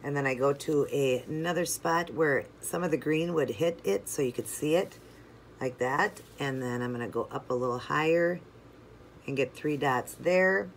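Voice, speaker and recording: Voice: mid-range voice, normal speed, a little hiss or hum. Chatty nail art tutorial host. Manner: chatty, talks through each step while working. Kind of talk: step-by-step craft tutorial.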